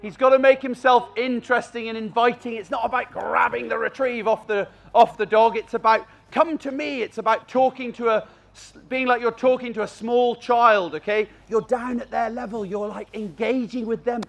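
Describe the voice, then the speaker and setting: A man with a high voice talks a crowd through a gundog training demonstration at an outdoor fair. He speaks in an expressive, animated way and slips into playful calls to the dogs. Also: moderate pace, vocal fry. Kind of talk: live demonstration commentary to an audience. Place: outdoor country fair arena.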